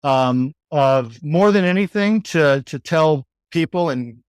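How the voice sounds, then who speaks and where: Texan man, somewhat high voice, smooth and resonant, casual rambling storytelling, dry close sound. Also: lively intonation, slow, no echo. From Texas, United States. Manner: loose, rambling storyteller with many "like" and "you know". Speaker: podcast guest, sales executive.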